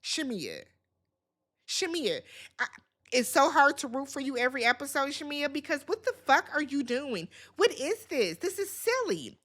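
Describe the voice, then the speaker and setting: A woman hosts a casual reality TV recap, blunt, sassy, and profane, scolding the cast while talking straight at them and the viewers. Her high voice is fairly bright and swings widely in pitch at a moderate pace.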